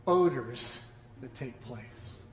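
A man preaching a sermon with folksy humor, swinging from loud emphasis to hushed, dropped phrases. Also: mid-range voice, lively intonation, takes it slowly, noisy background. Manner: dramatic swings from loud emphasis to near-whispered drops. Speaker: pastor. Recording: echoey church hall.

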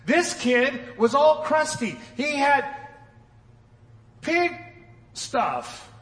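Male pastor, high voice, folksy humor, loud emphasis falling to hushed drops, long echo of a church hall. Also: big pitch swings, drawn-out words. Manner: dramatic swings from loud emphasis to near-whispered drops. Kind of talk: sermon.

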